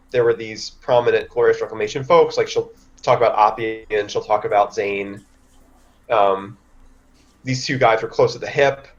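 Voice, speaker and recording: A man's voice: fairly low pitch, dull audio. A man playing a tabletop role-playing game, speaking casually and bluntly, slipping in and out of character. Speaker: player.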